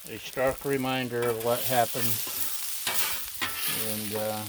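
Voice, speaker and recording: A man hosting a casual cooking vlog, talking in a slow, rambling, folksy way with many fillers. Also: medium pitch, flat delivery, heavy background noise. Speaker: cooking channel host. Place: outdoor griddle cook station. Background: food sizzling on a griddle.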